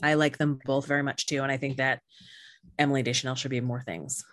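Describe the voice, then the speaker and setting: A woman's voice: very deep voice, fairly even intonation, fast talker, fairly bright tone, dry recording, studio quality. A woman co-hosting a podcast, chatting casually with lots of fillers and casual swearing, recorded over a video call. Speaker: podcast co-host. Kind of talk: casual chat.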